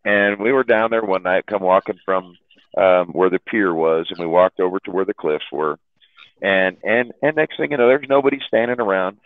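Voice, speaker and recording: This man's voice sits low and animated, moving at normal speed with no room sound. He's casually rambling through long stories for a chat room, stumbling, repeating himself, and laughing frequently, all over a dry, tinny phone-style connection.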